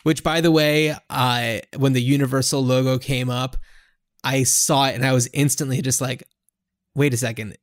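A man's voice: mid-range voice, little pitch movement, moderate pace, dry recording, clean studio sound. Rambling casual podcast host man. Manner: rambling, filler-heavy. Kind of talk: casual chat.

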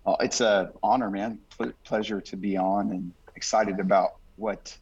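A man's voice: on the low side, steady tone, moderate pace, darkish tone, husky, far from the mic, dull audio, faint music behind. A man, a guest pastor, speaking emphatically in a podcast conversation over a remote link, repeating phrases the way a preacher does. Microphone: remote call mic.

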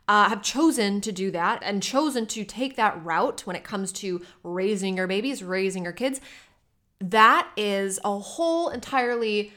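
Chatty, candid woman podcast host. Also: medium pitch. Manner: chatty, candid, animated with frequent asides. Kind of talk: unscripted solo podcast talk.

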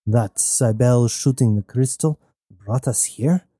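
A man's voice: mid-range voice, measured pace, warm tone, no room sound, studio quality, close to an everyday voice. Man playing a stern, curt starship captain. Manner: commanding, curt.

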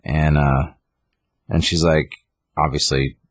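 Super deep voiced guy retelling a comic, husky, dry close sound. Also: level tone, slow pace, no room sound. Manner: rambling retelling with many fillers. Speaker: comic book reviewer. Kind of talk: casual chat.

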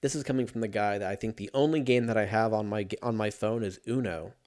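A man's voice: on the low side, fast talker, darkish tone. A man hosting a casual solo podcast, rambling and swearing freely and making fun of himself as he goes. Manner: profane, rambling, self-mocking. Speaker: podcast host.

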